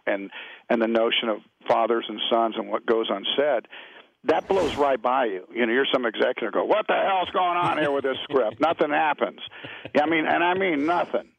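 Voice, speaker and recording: A man's voice: mid-range voice, gravelly, no echo. A middle-aged man from California, a guest actor telling rambling, laid-back anecdotes in a radio interview. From California, USA. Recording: dull lo-fi radio audio.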